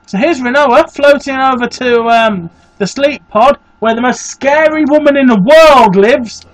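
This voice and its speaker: A man hosting a game playthrough, excitable and sweary, with mock-scared outbursts. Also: very high-pitched, a little slow, dry recording, poor audio. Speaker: let's play host. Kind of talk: gaming commentary.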